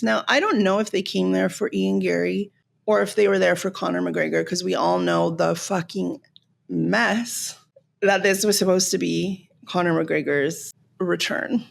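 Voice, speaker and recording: A woman from Los Angeles hosting a podcast, ranting in an animated, sarcastic way and swearing freely. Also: on the low side, gravelly. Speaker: podcast host. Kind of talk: casual rant.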